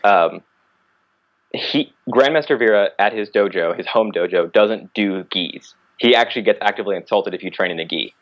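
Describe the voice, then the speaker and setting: Low male voice, lively storyteller, slightly dull recording. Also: moderate pace. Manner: animated, acts out quoted dialogue. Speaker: podcast guest, martial artist. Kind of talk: casual storytelling.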